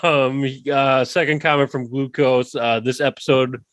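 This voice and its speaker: A man's voice: mid-range voice, fairly even intonation, unhurried, a bit bright, no echo. A man co-hosting a sports podcast in casual chat, joking and laughing easily. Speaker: podcast co-host.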